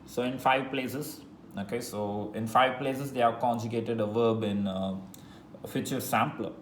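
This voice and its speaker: A man teaching a French lesson in English, patiently repeating phrases slowly and spelling words letter by letter. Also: mid-range voice, steady tone. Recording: echoey room with faint noise.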